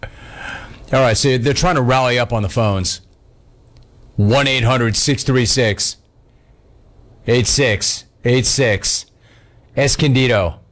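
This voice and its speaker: A man's voice: mid-range voice, takes it slowly, long pauses, fairly bright tone. A man hosting a talk radio show, taking callers with brash, teasing banter.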